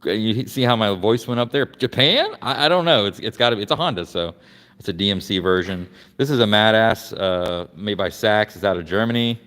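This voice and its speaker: Casting: lowish-voiced man, rambling garage walkaround vlog, long reverb around him. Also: brisk, a bit bright, smooth. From Florida, United States. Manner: rambling, many fillers and restarts. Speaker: vlogger showing his car collection. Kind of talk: casual walkaround chat. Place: garage workshop.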